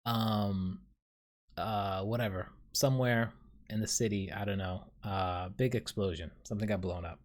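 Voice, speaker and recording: A man's voice: fairly low pitch, normal speed. A young man from New City, hosting a casual solo podcast and telling a dream in a rambling, profane, self-deprecating way. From New York City. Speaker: podcast host.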